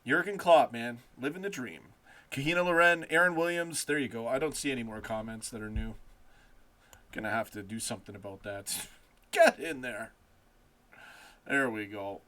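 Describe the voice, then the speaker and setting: A man hosting a casual football live stream from home, excitable, swearing and laughing as he chats. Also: mid-range voice, fairly quick.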